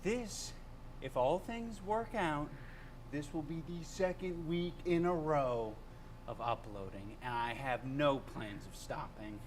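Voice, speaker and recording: A man's voice: fairly high pitch, slow, slight background noise. A man narrating a comedic YouTube video with sarcastic, dry commentary. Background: background music.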